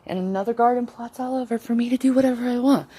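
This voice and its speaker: A woman's voice: a little high, quick pace, mellow. A woman filming a walking tour of her home on a handheld phone. She is out of breath and talks in a showy, defiant way, calling her viewers "darling.". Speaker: vlogger giving a home tour. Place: indoor apartment, moving between rooms.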